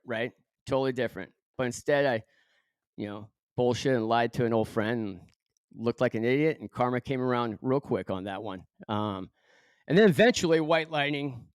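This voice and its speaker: In clean studio sound with no room echo, a middle-aged man from Southern California speaks in a mid-range voice with his region's accent. He's a guest on a podcast, spinning a self-deprecating story full of fillers during a casual interview.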